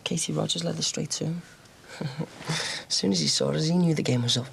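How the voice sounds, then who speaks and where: A man's voice: on the high side, brisk, gravelly, fairly bright tone, slight background noise. An actor playing a cocky young ex-con who brags about his violent exploits with a swaggering chuckle. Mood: boastful. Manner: boastful swaggering storyteller, chuckling. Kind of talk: TV soap drama.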